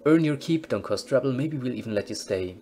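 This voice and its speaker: A man voicing a gruff male British officer in a game playthrough, barking clipped orders in a put-on British accent. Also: medium pitch, animated, fairly quick, slight background noise, lightly acted. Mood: bossy. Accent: attempted British. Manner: loud, bossy, clipped orders.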